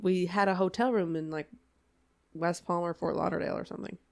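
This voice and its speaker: A young adult woman co-hosting a podcast in casual chat, animated and swearing casually, often laughing. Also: on the low side, brisk, vocal fry. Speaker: podcast co-host.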